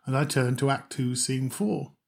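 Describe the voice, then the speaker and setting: A man's voice: medium pitch, moderate pace, gravelly, darkish tone. A man reading a humorous story aloud, narrating in a dry, understated way.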